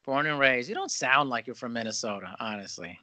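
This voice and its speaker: A man's voice: mid-range voice, animated, brisk, bright, forceful tone, no echo. A man hosting a podcast, chatting casually, joking and riffing in long run-on thoughts. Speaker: podcast host. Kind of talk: casual interview chat.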